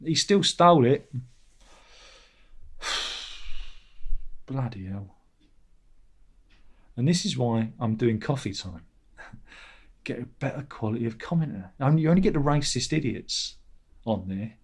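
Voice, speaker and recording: A man's voice: lively intonation, a little slow, pauses often, darkish tone, husky. A middle-aged man, hosting a casual livestream chat in a sardonic, grumbling way. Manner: sardonic, grumbling, mocks commenters in a high whiny voice. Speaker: channel host.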